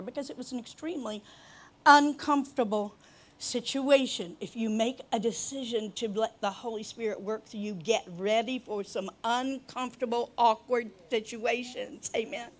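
A woman's voice: a little high, moderate pace. A woman preaching a sermon, telling a healing story with teasing asides and growing fervor.

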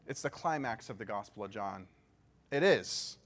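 A man's voice: lowish voice, lively intonation, normal speed. A man leading a Bible study, reading scripture and breaking off for casual, joking asides and questions to the group. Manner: chatty, joking asides, frequent "like"; checks in with the group.

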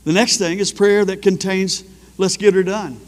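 A man preaching a sermon as pastor, fervent and at times rising to loud praise. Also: high-pitched, steady tone, normal speed, big-room sound.

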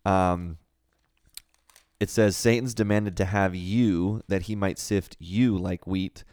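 A man co-hosting a podcast, talking through a Bible passage in a relaxed way and thinking aloud with frequent fillers. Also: sits low, slow, clear, resonant tone, no room sound. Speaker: podcast co-host. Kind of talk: casual Bible discussion.

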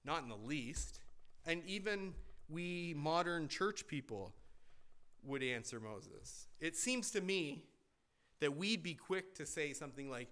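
A pastor preaching a sermon in a church, emphatic and deliberate, with rhetorical questions. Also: male voice, on the high side, animated, bright, forceful tone.

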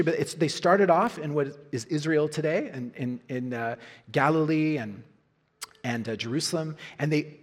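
Male pastor, sermon delivery, earnest, slightly husky voice, conversational asides. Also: fairly high pitch. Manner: earnest preaching, frequent "right?" asides.

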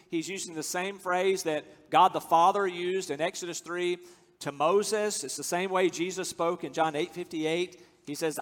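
A man from the United States preaching a sermon, earnest and emphatic, slowing down to stress key phrases. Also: high voice, fairly bright tone. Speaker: pastor. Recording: long hall reverb.

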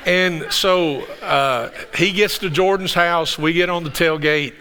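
A man preaching from the pulpit with a bright, forceful voice that carries a long hall reverb through the sanctuary. He talks in a loose, conversational way and doubles up words when he gets going on a story. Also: fairly high pitch, measured pace, hardly any pauses, a little hiss or hum. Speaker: pastor. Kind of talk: sermon with storytelling. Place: church sanctuary.

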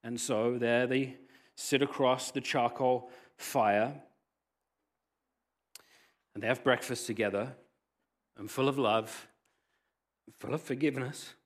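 A male pastor in mid-sermon, his voice at a middle pitch. He tells the story with lively energy, rising into loud, excited bursts and sinking to soft, hushed lines. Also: measured pace, pauses often. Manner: animated storytelling with wide swings in loudness.

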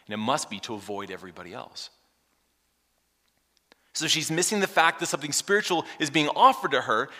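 A man preaching a sermon, reading scripture aloud and explaining it, swinging from hushed asides to emphatic points. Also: medium pitch. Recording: long hall reverb.

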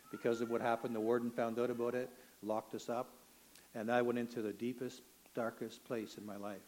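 An older man from Canada telling a personal testimony in an earnest, emotional way, sometimes rising almost to a shout. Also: mid-range voice, rough recording. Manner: earnest, emotional storytelling, rising to near shouts at dramatic moments. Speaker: testimony speaker.

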